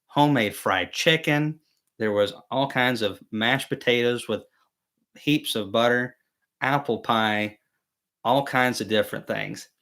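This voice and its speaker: A man's voice: medium pitch, a bit bright. A young man hosting a casual beekeeping live chat, telling rambling, self-deprecating stories with many fillers and restarts. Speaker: beekeeping channel host.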